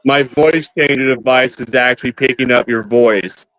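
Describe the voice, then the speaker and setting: A man's voice: medium pitch, fairly even intonation, normal speed, fairly bright tone, no room sound, poor audio. A man co-hosting a casual stream, rambling and restarting his sentences, often turning to address the viewers. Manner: rambling, repeats and restarts phrases. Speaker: streamer co-host. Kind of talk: casual chat.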